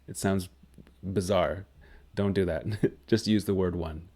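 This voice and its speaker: A man teaching a grammar lesson, explaining slowly and clearly. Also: sits low, steady tone, darkish tone. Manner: slow, clear, deliberate explanation. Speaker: English teacher.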